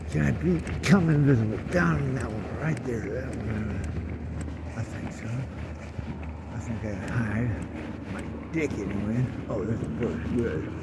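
Older man in his 60s, gravelly, swears a lot and grumbles to himself, street vlog with heavy traffic noise. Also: medium pitch. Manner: profane, grumbling, talks to himself. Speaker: vlogger. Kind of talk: walking vlog, muttered running commentary. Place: outdoors on busy city streets.

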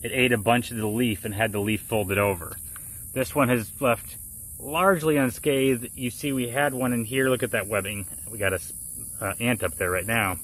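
A man's voice: medium pitch, fairly even intonation, moderate pace, a bit bright, slightly rough. A man talking casually outdoors in his garden, explaining a gardening task step by step. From Florida. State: muffled by a face mask. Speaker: gardening vlogger. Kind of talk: casual how-to vlog.

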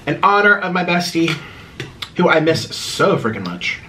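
A man hosting a casual eating vlog, excitable and squealing, bickering playfully. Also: a little high, moderate pace, slight background noise. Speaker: mukbang host. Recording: clattering dishes and clicks behind.

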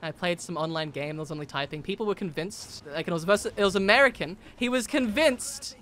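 A young Australian man chatting playfully while playing a game, excitable and teasing. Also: sits high, brisk, a little hiss or hum. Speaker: streamer. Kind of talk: casual gaming chat.

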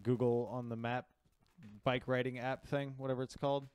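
A man's voice: mid-range voice, flat delivery, moderate pace, a little mellow, clear, resonant tone. A man chatting casually on a livestream, telling rambling stories and teasing friends.

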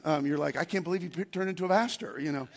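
Preaching at a racing clip, a raspy, high-voiced male pastor of Norwegian, Scandinavian heritage shares a personal story in his sermon. His telling is rambling and self-deprecating, full of restarts, and he erupts into loud, excited shouts while acting out moments.

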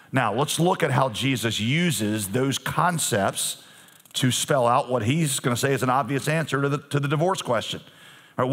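A middle-aged man preaching a sermon as pastor, animated and humorous, acting out voices from the text. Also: medium pitch.

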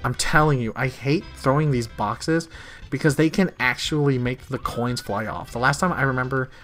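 A man giving casual, excitable let's-play commentary, swearing and laughing often. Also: mid-range voice, moderate pace. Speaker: gamer. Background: faint game music.

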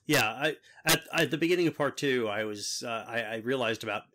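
A man's voice: medium pitch, brisk, sharp tone. Dry-joking man on a podcast. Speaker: podcast co-host. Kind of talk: casual chat.

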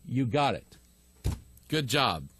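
A man's voice: medium pitch, very animated, takes it slowly, a bit bright, slightly rough. A male pastor teaching online, reading viewer messages aloud and answering them bluntly and with emphasis.

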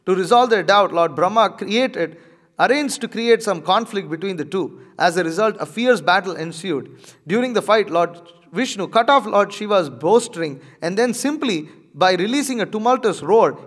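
A man reading a religious scripture aloud and pausing to comment, measured and a little hesitant in his asides. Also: sits high, big-room sound. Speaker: religious teacher.

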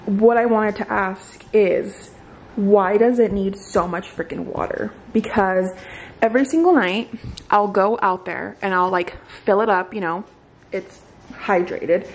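A mom of two vlogs from home on a handheld camera, her mid-range voice a little mellow, with a bit of hiss or hum in the recording. Slightly out of breath, she rambles casually, using lots of fillers.

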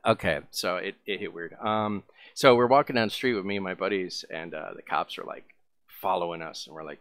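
Low-voiced man rambling through a story. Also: moderate pace, fairly bright tone, dry recording. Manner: rambling, full of fillers. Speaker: vlogger. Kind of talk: casual storytelling.

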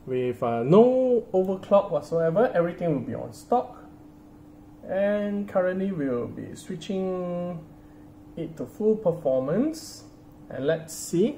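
Male tech vlogger, relaxed chatty narration, slightly high pitch. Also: slight background noise. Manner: chatty, often starts with "so", hedges with "I assume". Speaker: tech reviewer. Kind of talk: casual product showcase narration.

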